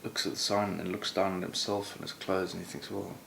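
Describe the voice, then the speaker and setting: Low-voiced guy telling a tale, chatty and loose, lots of sort of's, echoey room. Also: fairly quick, gravelly. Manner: relaxed and conversational, many "sort of" asides. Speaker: storyteller. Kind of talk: oral storytelling. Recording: roomy echo, faint background noise.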